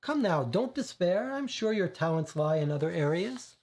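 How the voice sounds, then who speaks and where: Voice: mid-range voice, big pitch swings, a little mellow, voice pushed up. A player reading out a disdainful, mocking woman from a board game, in a sneering, sarcastic manner. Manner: sneering, sarcastic, slow and deliberate. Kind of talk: reading game text aloud.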